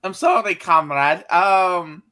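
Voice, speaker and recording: A man's voice: high-pitched, slow, pushed and bright, heavily acted. A man voicing a stiff, dutiful male separatist commando droid with a put-on Russian accent. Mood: stiffly dutiful.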